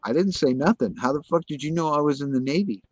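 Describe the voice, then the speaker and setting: A man's voice: fairly high pitch, lively intonation, quick pace, a little mellow, no echo. A man telling his story in casual conversation, agitated and profane, insisting on the same points again and again.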